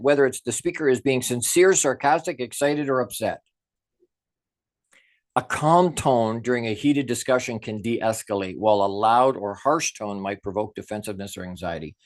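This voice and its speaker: Middle-aged man, everyday pitch, emphatic podcast talker who restarts sentences and leans hard on key words. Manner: animated, emphatic, thinks aloud with restarts. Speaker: speaker on a podcast. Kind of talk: talk about communication.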